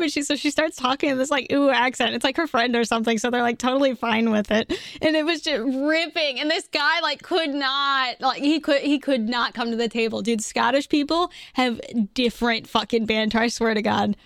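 Young female podcast host, fairly high voice, dry close recording, teasing chatter with casual swearing. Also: fairly quick, creaky, few pauses, a bit bright, no room sound. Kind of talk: casual chat.

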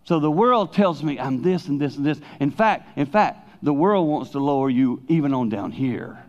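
An older man preaching a sermon, swinging between loud emphasis and hushed, personal asides. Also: mid-range voice, lively intonation, moderate pace. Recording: dull lo-fi recording.

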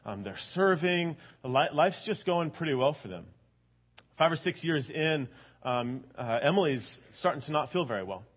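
A man preaching a sermon with a fairly high voice. He tells a story in a chatty way, with frequent restarts and repeated words, then builds to impassioned emphasis. The recording is dull and a bit muffled. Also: animated, normal speed, slightly rough.

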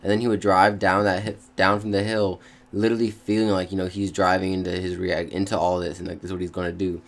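A man's voice: low voice, flat delivery, quick pace. A young man talking to the camera in a loose, slangy monologue, full of fillers and restarts. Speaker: vlogger. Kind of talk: casual rambling monologue.

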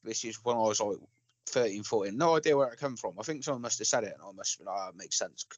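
A man's voice: fairly low pitch, very fast, no echo. A man co-hosting a casual film chat, blunt and sweary, telling stories with gusto. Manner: blunt, sweary, animated storytelling. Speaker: podcast co-host.

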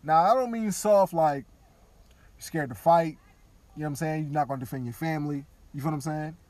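Brief: male podcaster, slightly high voice, dry close mic, frank conversational riffing. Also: brisk, no echo. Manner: candid, conversational, acts out other voices quietly. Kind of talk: casual opinion talk.

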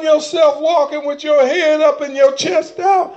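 A man preaching a sermon to his church, calling for amens and breaking into shouted bursts. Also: very high-pitched, steady tone, measured pace, muffled recording.

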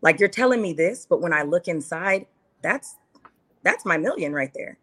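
Speaking at normal speed in a lowish voice, this thirty-something woman joins a podcast for a relaxed interview. She is earnest and animated, paraphrasing quotes by acting them out.

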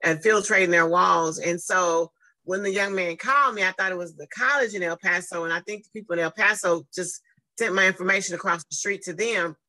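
A woman, telling her story casually in conversation, lively and acting out what people said. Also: fairly quick, rough recording. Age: 50s. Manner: animated, acts out quoted exchanges with big swings in pitch. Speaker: guest speaker and advocate.

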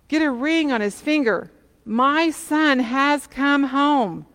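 A woman's voice: a little high, moderate pace, in a large hall. A woman voicing a joyful, eager father welcoming his lost son home, calling out urgently and pleading. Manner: urgent, pleading, excited calls.

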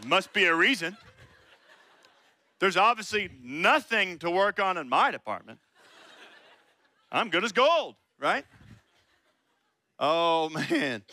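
A man's voice: high-pitched, bright, forceful tone, no room sound. A man preaching a conversational sermon, playfully acting out little scenes and voices. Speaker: pastor.

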